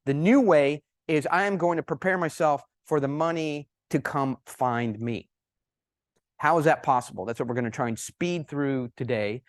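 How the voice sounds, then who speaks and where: A man speaking at a conference, telling a story with lively emphasis and a fairly high-pitched voice. The recording is dry and close, with little room sound. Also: measured pace, no echo. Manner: animated, emphatic anecdote-telling. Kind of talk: presentation with storytelling.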